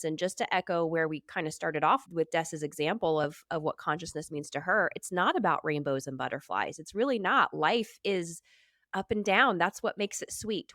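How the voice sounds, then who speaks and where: A woman hosts an interview podcast in a fairly low voice, recorded close and dry with no room sound. She talks in a reflective, conversational way and asks probing questions about her guest's life. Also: a bit bright, dry recording. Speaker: podcast host.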